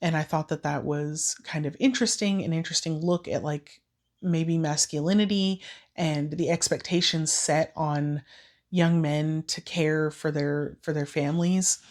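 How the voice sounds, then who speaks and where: A woman with a scratchy voice recapping and ranting about a book in a casual vlog, swearing freely and jumping into quick quoted voices for each character. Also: sits low, steady tone, a little mellow. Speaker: book vlogger.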